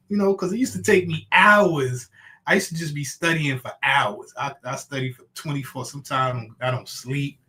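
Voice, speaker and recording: A man hosting a casual chat stream, animated and emphatic. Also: medium pitch, moderate pace. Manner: animated, laughs often, emphatic.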